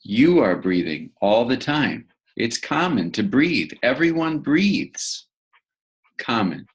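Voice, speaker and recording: A man's voice: mid-range voice, big pitch swings, slow. A man teaching vocabulary to young learners, patiently repeating words and asking the listener to say them back. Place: room with a bed, indoors.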